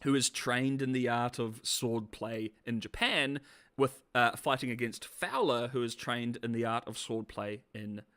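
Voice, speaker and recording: A man giving casual, sarcastic commentary as a video reviewer, laughing often and animated. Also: medium pitch, unhurried, clear, resonant tone.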